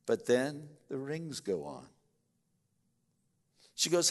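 A man's voice: medium pitch, sing-song, takes it slowly, pauses often. A male pastor preaching a sermon, earnest and speaking directly to his congregation. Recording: echoey church hall.

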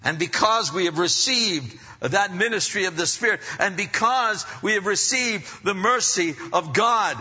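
Animated preacher man in a reverberant hall. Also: sits high, a little slow, few pauses, husky. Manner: animated, swings from loud emphasis to soft asides. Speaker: pastor. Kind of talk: sermon. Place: church hall. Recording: dull sound, long hall reverb.

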